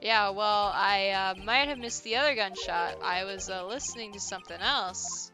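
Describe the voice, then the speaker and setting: A woman voicing a brash, lonely young male witness, talking loud, defensive and slangy while reading a game's dialogue aloud. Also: medium pitch, moderate pace, music in the background, natural voice.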